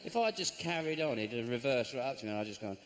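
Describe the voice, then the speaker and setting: A middle-aged man from England doing a stand-up comedy routine, deadpan and grumbling, breaking into sudden shouts. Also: mid-range voice, quick pace. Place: large theatre stage. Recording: live show with constant audience noise.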